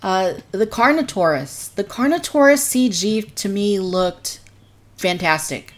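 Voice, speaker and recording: A woman's voice: mid-range voice, expressive, a little slow. A woman co-hosting a casual podcast discussion, reviewing in an earnest, detailed way. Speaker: podcast co-host.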